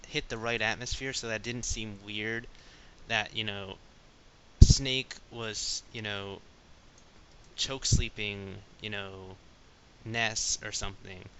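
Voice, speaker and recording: A man's voice: fairly low pitch, fairly even intonation, takes it slowly, fairly bright tone. A man co-hosting a casual gaming podcast, rambling with lots of fillers. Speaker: podcast co-host. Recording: dull lo-fi with faint hiss.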